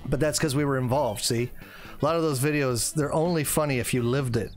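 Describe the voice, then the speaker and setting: A man's voice: mid-range voice, fairly quick, faint music behind. A man in his forties streaming a hunting game, chatting casually, reading viewer comments aloud and reacting to them. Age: 40s. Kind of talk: casual live-stream chat while playing.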